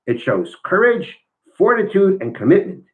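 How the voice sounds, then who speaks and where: An indignant businessman, read aloud by a male teacher, who pushes his voice up in pitch as he scolds. He speaks with scorn in a story read from a book. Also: sing-song, moderate pace, phone-quality sound. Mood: apologetic. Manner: shouting, scornful, then contrite. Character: indignant secular Jewish businessman, middle-aged man.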